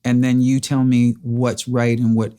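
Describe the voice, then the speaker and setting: A man's voice: mid-range voice, little pitch movement, measured pace, dark tone, clean tone. A man earnestly recounting a personal story in a casual chat, acting out the dialogue. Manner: earnest, emotional, re-enacts dialogue. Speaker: interviewer.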